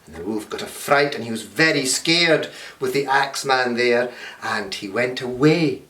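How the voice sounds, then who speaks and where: This man leads a storytelling workshop in an animated way, often checking in with the class with "okay?" His voice sits in the mid-range and moves at a measured pace. The recording sounds roomy, with a distant mic.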